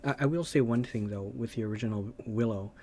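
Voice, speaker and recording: A man's voice: mid-range voice, quick pace, mellow, a little hiss or hum. Man on a rambling, hesitant rant. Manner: rambling and hesitant, many fillers and restarts. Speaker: gaming video creator.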